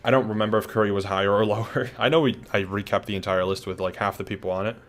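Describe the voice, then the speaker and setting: A young man with a lowish voice talks casually through a ranked list, chatty and unhurried in his own way. He hesitates often and restarts his sentences. Faint music plays quietly behind him. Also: fairly even intonation. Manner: chatty, hesitant, many fillers and restarts, yawning. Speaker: video creator ranking players. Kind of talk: casual ranking commentary.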